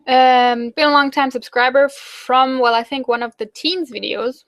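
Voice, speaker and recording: A young woman with a German accent chats through viewer questions in a loose, rambling way. Her voice sits a touch high. She fills gaps with ums and likes and breaks into quick laughs. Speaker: German-teaching YouTuber hosting a live Q&A. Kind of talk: casual live chat answering viewer questions.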